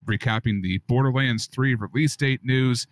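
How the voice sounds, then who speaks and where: A man hosting a casual gaming podcast in a playful, joking way, with a baritone voice. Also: normal speed. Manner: playful, hypes his own baritone. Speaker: podcast host.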